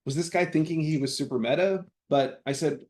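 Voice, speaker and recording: A man reading his own personal essay aloud, with wry, deadpan comic timing. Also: on the high side, fairly quick. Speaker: writing fellow reading his work.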